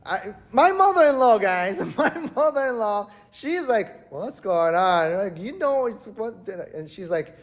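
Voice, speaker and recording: Guy pastor preaching, gets really animated acting out the panic bits. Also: very high-pitched, unhurried, hardly any pauses. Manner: animated storytelling with acted panic. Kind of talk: sermon. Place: church hall.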